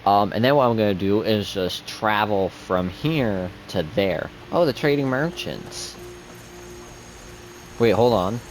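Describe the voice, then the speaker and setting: A man's voice: fairly low pitch, takes it slowly, faint music behind. A young man giving casual gameplay commentary as a streamer, chatty and rambling. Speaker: gaming streamer.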